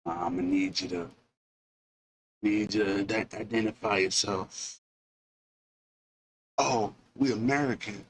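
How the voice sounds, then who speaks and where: A man voicing a menacing armed soldier who questions strangers in a taunting, drawn-out way. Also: fairly low pitch, fairly even intonation, slight background noise. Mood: stern.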